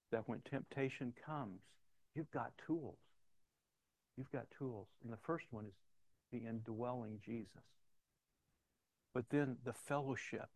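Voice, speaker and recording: A man's voice: mid-range voice, vocal fry, a little mellow, dry recording. Older man preaching a casual sermon, dry sound. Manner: conversational storytelling preacher, quotes scripture references.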